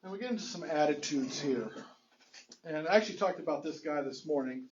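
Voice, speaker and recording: Earnest preaching pastor, slightly high voice. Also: male voice, expressive, a little fast, dull audio, slight background noise. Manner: earnest, rhetorical questions, chuckles often. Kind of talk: sermon. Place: church sanctuary.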